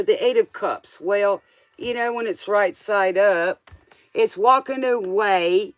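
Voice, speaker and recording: A man's voice: high-pitched, no room sound. A man doing a casual tarot reading, chatty and playful, with joking asides. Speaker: tarot reader.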